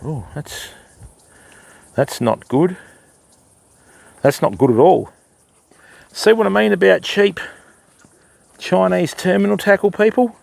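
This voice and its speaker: A man's voice: high-pitched, creaky, darkish tone, no room sound. An older Australian man chatting casually on a riverside fishing livestream, answering viewers and calling them mate and bud. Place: outdoors by a river.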